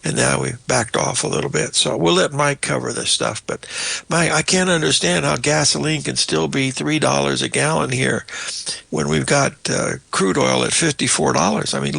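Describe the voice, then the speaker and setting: A man's voice: on the high side, lively intonation, normal speed, gravelly, fairly bright tone, slightly rough, dry recording. An older man hosting a market show, walking through charts in a folksy, rambling way and calling his viewers "folks", with a slightly choked-up voice. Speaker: market analyst host. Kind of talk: live chart analysis talk.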